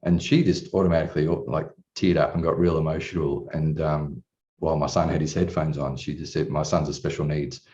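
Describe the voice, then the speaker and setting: In a testimonial recorded on a far-off mic with a dull lo-fi sound, a client tells his personal story with candor and emotion. He swears casually and keeps restarting. His rumbling low voice is mellow and steady in tone, moving at a fairly quick pace.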